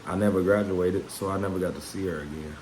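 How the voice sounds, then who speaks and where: A man's voice: low-pitched, fairly even intonation, fast talker, slight background noise, rough recording. A man telling a personal story straight to the camera in a rambling, profane, casual way, peppering his talk with "man" and "you know what I'm saying". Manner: gets louder and more worked up when telling of the fight. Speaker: vlogger.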